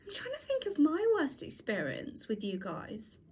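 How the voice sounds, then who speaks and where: A woman's voice: high voice, wildly swooping pitch, normal speed, a little mellow, husky. A woman in her twenties co-hosting a podcast in casual chat, teasing and affectionate with her friend. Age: 20s. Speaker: podcast co-host.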